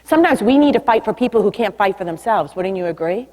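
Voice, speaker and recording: A woman giving an energetic public talk about body language, leading the audience to repeat after her. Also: medium pitch, fast. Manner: lively, leads audience call-and-response. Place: stage in a large hall. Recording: long hall reverb.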